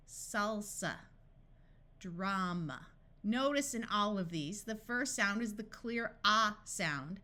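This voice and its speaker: A woman narrates a scripted phonics lesson at a very unhurried pace. Her voice is bright and forward, and she pronounces each sample word distinctly with a pause after it. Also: medium pitch. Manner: slow, clearly enunciated word-by-word reading. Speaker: phonics tutor.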